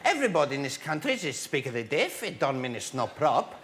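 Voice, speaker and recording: A man's voice: medium pitch, big pitch swings, brisk, fairly bright tone, pitched above the performer's own voice. A man playing a cheerful Greek kebab shop owner with a put-on Greek accent and broken English, from an old noisy TV recording. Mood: jolly. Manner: cheerful, mangled grammar, laughs at own jokes.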